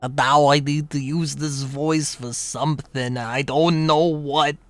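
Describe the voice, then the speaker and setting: A man putting on an odd mock Russian-Italian accent, slow and exaggerated. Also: medium pitch, dry recording, voice pushed down, lightly acted. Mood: playful.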